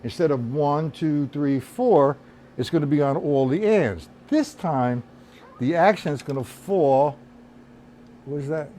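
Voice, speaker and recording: A man's voice: on the high side, takes it slowly, a little hiss or hum. A man teaching a drum lesson on a live stream, explaining accents and counting the beats aloud. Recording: loud drums behind the voice. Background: drum kit playing.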